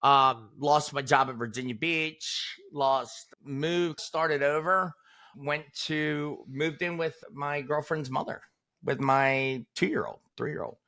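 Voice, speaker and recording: A man in his forties, a guest in an interview, telling stories in a punchy, animated way and tossing in "boom" for emphasis. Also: slow. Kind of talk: casual storytelling in an interview.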